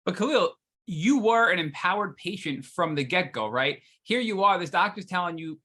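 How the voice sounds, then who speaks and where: A male podcast host with a bright, slightly high voice. He talks emphatically, sums up the guest's story and acts out what the other people in it said before he asks his next question. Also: expressive, normal speed. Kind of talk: interview questions.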